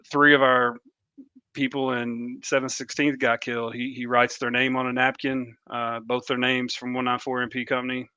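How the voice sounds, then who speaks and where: A middle-aged man, a veteran co-hosting a podcast, speaking earnestly and haltingly, with frequent restarts. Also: mid-range voice, pushed and bright, no echo, lo-fi sound. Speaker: podcast co-host, army veteran. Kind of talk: candid podcast talk. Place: remote podcast call.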